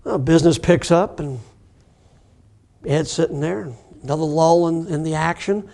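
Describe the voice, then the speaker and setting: A middle-aged man teaching about addiction recovery, telling a story in a relaxed, conversational way and acting out the people in it. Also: fairly high pitch, moderate pace, creaky. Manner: conversational, acts out the people in his stories. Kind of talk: storytelling lecture.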